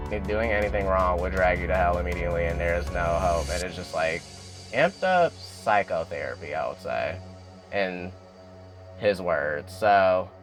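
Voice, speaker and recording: Young male vlogger, low voice, faint music under him, chatty slangy storyteller who keeps calling out to his viewers. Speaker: TV recap vlogger. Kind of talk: casual episode recap.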